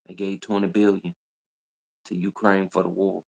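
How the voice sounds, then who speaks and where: A livestream host with a low, creaky, darkish voice speaks at a moderate pace in a level tone. His ranting monologue scolds the audience, repetitive and confrontational.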